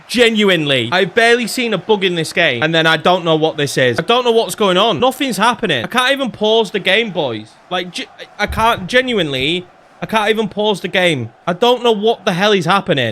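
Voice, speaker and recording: A young man, commentating his own football video game and ranting in frustration. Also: sits high. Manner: animated, exasperated ranting. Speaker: gaming YouTuber. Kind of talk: gameplay commentary.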